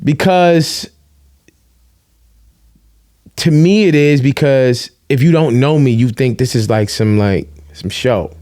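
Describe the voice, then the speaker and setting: A man in casual chat, telling animated stories in streetwise slang and swearing freely. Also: medium pitch, slow pace, long pauses, no room sound, studio quality. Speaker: podcast guest, vlogger.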